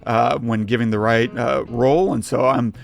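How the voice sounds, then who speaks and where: A man co-hosting a film podcast, talking in a relaxed, casual way with plenty of fillers. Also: mid-range voice, moderate pace, creaky, faint music behind. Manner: relaxed, lots of fillers and laughs. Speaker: podcast co-host. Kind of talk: casual chat.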